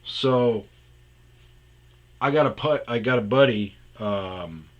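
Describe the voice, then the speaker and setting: On a podcast, a man tells rambling, profane comedic stories from his past, now and then slipping into impressions. His mid-range voice moves at a slow pace, and the recording sounds muffled.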